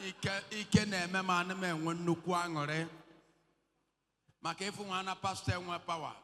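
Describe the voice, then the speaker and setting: A Nigerian man preaching in a high voice, playful and commanding, slipping into song and laughing between lines. His voice rings through a large church hall with a long reverb tail. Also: flat delivery, normal speed, sharp tone, slight background noise. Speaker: prophet leading a healing service. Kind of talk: deliverance preaching mixing English and Igbo.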